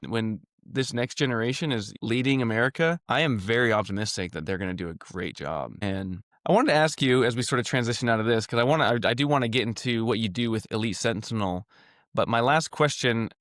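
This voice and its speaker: A male podcast host asking questions in an upbeat, halting way and restarting his sentences. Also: medium pitch, expressive, fairly bright tone, no echo, clean studio sound. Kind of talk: casual interview chat.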